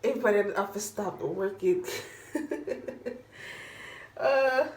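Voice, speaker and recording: A young woman vlogger telling a casual storytime in an animated, dramatic way, full of slang. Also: mid-range voice, slow. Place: at home, doing her hair while talking. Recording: roomy echo from a distance, faint background hum.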